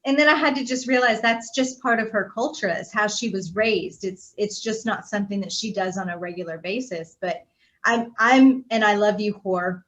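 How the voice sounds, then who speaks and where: A woman chatting casually on a panel show, animated and playful, laughing often and acting out quotes. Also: mid-range voice, moderate pace. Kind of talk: casual group chat.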